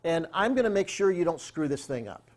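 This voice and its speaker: A man acting out a foul-mouthed, domineering male music video producer who shouts at everyone. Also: on the high side, very animated, brisk. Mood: hostile.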